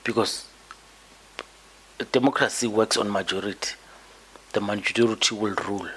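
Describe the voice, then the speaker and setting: A man's voice: on the low side, fairly even intonation, normal speed, a bit bright, slight background noise. A man hosting a podcast, delivering an emphatic political commentary monologue and often repeating words as he builds his point. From South Africa. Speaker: podcast host.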